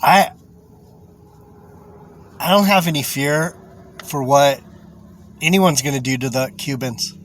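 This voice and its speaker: A man's voice: mid-range voice, slow, pauses often, a bit bright, slight background noise. A man giving rambling religious commentary, chuckling often, repeating himself and swearing.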